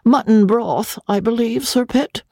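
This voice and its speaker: A man's voice: very high-pitched, a little slow, darkish tone, dry recording, studio quality, pitched above the performer's own voice, exaggerated voice. A man voicing a meek, tearful elderly lady of the house, speaking humbly and anxiously.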